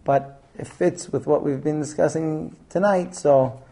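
A man's voice: a little high, a little slow, gravelly. A man teaching a class, explaining his points with examples and acting out scenes. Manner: animated, acts out scenes in different voices. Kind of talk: lecture to a class.

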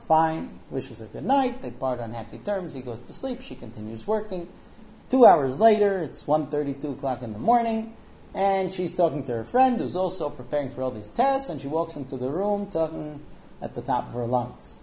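A man teaches a class, telling a story in a lively, conversational way. His voice is mellow and swings widely in pitch, on a dull, lo-fi recording. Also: normal speed, slight background noise. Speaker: Talmud teacher. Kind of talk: storytelling lecture.

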